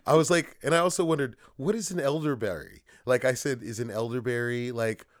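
Guy on a movie podcast, dry close sound, laughs a lot, goes high doing quotes. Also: brisk, dry recording. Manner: laughs often, jumps up high when quoting. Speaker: podcast co-host. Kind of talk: casual film chat.

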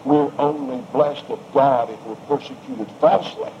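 A man's voice: mid-range voice, huge pitch swings, moderate pace, vocal fry, warm tone. A man preaching a sermon with emphatic, rising and falling delivery and repeated phrases. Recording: dull lo-fi recording with faint noise.

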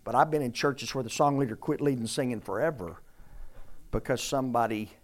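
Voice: medium pitch, brisk. An older preacher giving an interactive sermon in a church, questioning the congregation, teasing and emphatic. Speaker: preacher teaching scripture.

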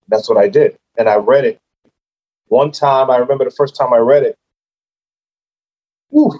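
A man's voice: mid-range voice, normal speed, pauses often, warm tone, muffled recording. A man who is a guest on a podcast, telling his story casually and animatedly, acting out his own reactions.

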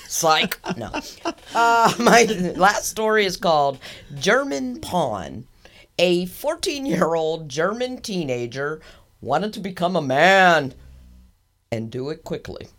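Playful, lively woman podcast host. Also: fairly low pitch, takes it slowly. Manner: playful, teasing, laughs often. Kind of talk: casual chat, reading odd news stories.

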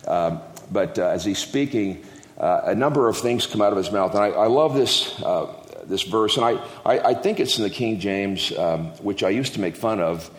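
A man's voice: lowish voice, moderate pace. A man preaching a casual, joking sermon to a congregation, rambling and interrupting himself with folksy asides. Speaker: guest preacher. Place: church hall. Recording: echoey hall, long reverb.

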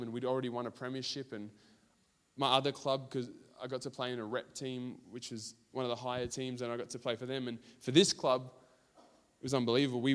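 A young Australian man preaching in a relaxed, chatty way, with plenty of "like" and "um" as he tells stories against himself. His voice sits at an ordinary male pitch and trails off into a long hall reverb. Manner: chatty, rambling, self-deprecating, many fillers. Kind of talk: casual storytelling sermon.

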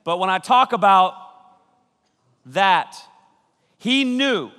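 A man preaching to young people, playful and jokey, stopping to laugh and act out how his listeners might react. His voice sits a little high for a man. It rings with the long reverb of a large church hall, filmed by a camera crew. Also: animated, takes it slowly, bright, forceful tone, clean tone. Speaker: youth pastor. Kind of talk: joking youth sermon.

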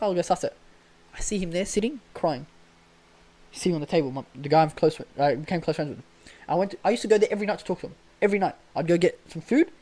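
A young Australian man telling a travel story in a casual podcast chat, animated and slangy, often breaking into laughter. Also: sits high, low-quality recording. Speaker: podcast guest.

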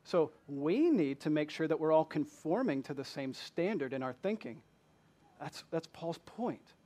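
A man's voice: on the high side, lively intonation, a little slow, warm tone. A man from Michigan with a Southern accent, preaching a passionate sermon in a church and asking the congregation many rhetorical questions. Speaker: pastor.

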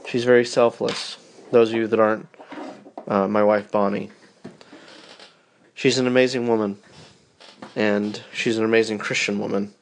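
A man's voice: fairly low pitch, little pitch movement, normal speed, long pauses, a little hiss or hum. A tired man in his thirties, rambling tenderly and yawning as he records a personal podcast for his wife. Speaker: podcast host.

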